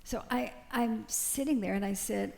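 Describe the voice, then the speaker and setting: An older American woman on a panel telling a personal story, halting and repeating words as she speaks. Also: fairly high pitch, vocal fry, a little mellow.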